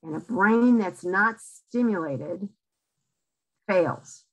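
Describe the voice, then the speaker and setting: A woman giving a library lecture at a slow, deliberate pace. She coaches in short, emphatic phrases and keeps checking in with her listeners. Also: mid-range voice, lively intonation, low-quality recording. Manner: direct, coaching, frequent "okay?" checks. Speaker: lecturer on aging in place. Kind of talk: public library talk.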